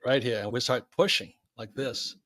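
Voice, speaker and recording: A man's voice: mid-range voice, normal speed, dry recording, studio quality. An older man, a guest, telling a story with lots of animation and laughing at himself. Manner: lively anecdote teller, laughs at his own stories.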